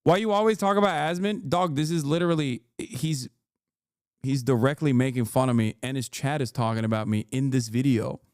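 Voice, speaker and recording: A man's voice: medium pitch, brisk, a little mellow, clear, resonant tone, dry recording, clean studio sound. A man in his thirties streaming, giving casual sarcastic reaction commentary and laughing often.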